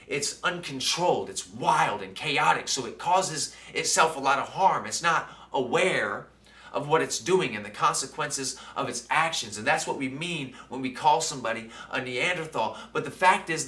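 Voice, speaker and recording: A man's voice: a little high, pushed and bright. A man talking casually into the camera about his day, using lots of fillers and asking "right?" as he goes. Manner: conversational, with many fillers and tag questions. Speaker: vlogger. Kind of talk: casual reflective monologue. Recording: roomy sound, mic at a distance.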